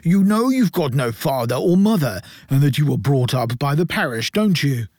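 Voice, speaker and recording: A man reading aloud and voicing a pompous, fat, red-faced gentleman who chairs a board and questions a boy in a lofty manner. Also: on the high side, big pitch swings, normal speed, dry recording, studio quality.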